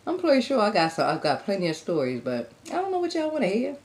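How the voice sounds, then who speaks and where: A woman's voice: mid-range voice, huge pitch swings, fast. A woman hosting an eating show, chatting casually to viewers between bites and humming over her food. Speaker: mukbang host.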